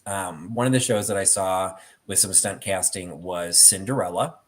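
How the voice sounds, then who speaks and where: A middle-aged man with a low-pitched voice hosts a casual chat about theatre collectibles at a moderate pace. He rambles through his stories, filling them with lots of fillers.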